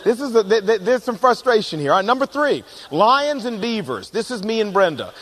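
A man giving a humorous seminar talk on personality types in marriage, animated, acting out quoted voices and chuckling at his own jokes. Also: high voice, brisk. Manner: animated storyteller who acts out quoted voices.

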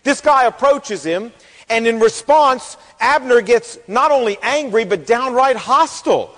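A man preaching a sermon as pastor, folksy and animated, acting out the quotes in the story. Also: very high voice, unhurried. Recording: long hall reverb.

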